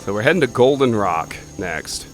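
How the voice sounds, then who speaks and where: A man's voice: on the low side, lively intonation, normal speed, faint music behind. A man hosting a let's play, chatting casually as he plays, thinking aloud and swearing offhandedly. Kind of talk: casual gaming commentary.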